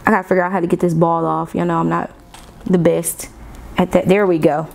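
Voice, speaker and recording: A woman talks fast and warmly to her viewers while she tests pens at her desk. She gushes and jumps up in pitch with delight, and a faint hiss of room noise sits under her voice. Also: creaky. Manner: excitable, gushing, talks to viewers as y'all. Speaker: planner vlogger. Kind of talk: casual unboxing chat to viewers. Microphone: desk camera mic, off camera.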